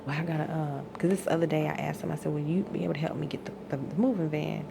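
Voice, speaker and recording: A woman's voice: deep voice, fairly even intonation, fast talker, vocal fry, few pauses, noisy background. A woman in an exasperated, profane personal rant, tired and venting, her voice climbing into outbursts. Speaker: vlogger venting.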